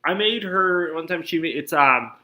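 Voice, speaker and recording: Casting: chatty male gossip host, somewhat high, bright tone, jokey asides between read-out headlines. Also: animated, normal speed. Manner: chatty, joking, reads news aloud with asides. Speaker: vlog host. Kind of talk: casual celebrity gossip chat.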